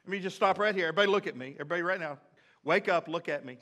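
A pastor with a bright, high-pitched voice delivers a sermon. He hammers key phrases through repetition and drops from strong emphasis to near-hushed tones. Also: racing. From United States. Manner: emphatic preaching with big swings from loud to hushed.

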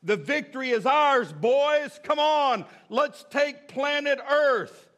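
A man's voice: extremely high pitch, expressive, slow, a bit bright, pitched above the performer's own voice, exaggerated voice. A male preacher voicing the devil, who gloats and calls his demons to take the earth, raising his voice in a jeering, triumphant way. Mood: gloating.

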